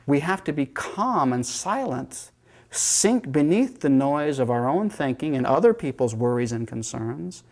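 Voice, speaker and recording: A man teaching yoga philosophy in a calm, reflective manner and telling teaching stories. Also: medium pitch. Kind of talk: spiritual lecture.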